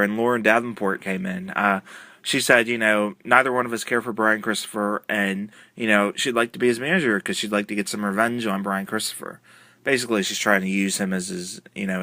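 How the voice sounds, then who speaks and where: With a bright, forward, somewhat low voice, a man rambles through a wrestling broadcast like an offhand review, stuffing the retelling with uh and um as events run loosely together. The sound is dry and close, with no room sound at all.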